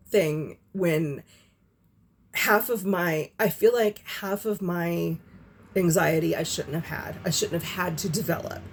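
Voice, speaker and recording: Woman vlogger, low husky voice, candid and halting, talking at home. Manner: candid, halting, with many fillers and swearing. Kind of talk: personal storytelling to camera. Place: home with doors and windows open, windy.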